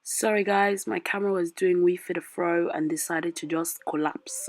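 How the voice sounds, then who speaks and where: A woman beauty vlogger chatting casually through a makeup tutorial, gushing and excitable with frequent exclamations. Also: on the low side, normal speed, gravelly, music in the background, rough recording.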